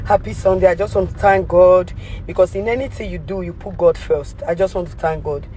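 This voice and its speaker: A hoarse Nigerian woman giving an effusive, emotional thank-you message full of praise and blessings. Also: lowish voice, fairly even intonation, brisk, warm tone, slight background noise.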